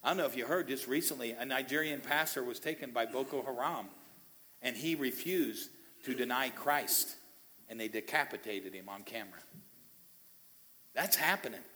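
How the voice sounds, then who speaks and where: Bright-voiced pastor preaching in a reverberant church hall. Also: male voice, mid-range voice, moderate pace. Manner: conversational, checks in with "okay?" and asides. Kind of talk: sermon. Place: church sanctuary.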